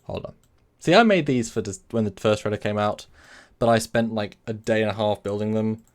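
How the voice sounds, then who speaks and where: A man with a fairly low pitch talks a little fast as he hosts a relaxed live stream. He tends to ramble and correct himself, reading out chat messages and replying to them.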